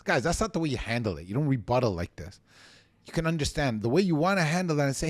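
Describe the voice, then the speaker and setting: A man coaching on real estate sales in a motivational teaching monologue, energetic, emphatic and given to ranting. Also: fairly high pitch, fast, dry recording.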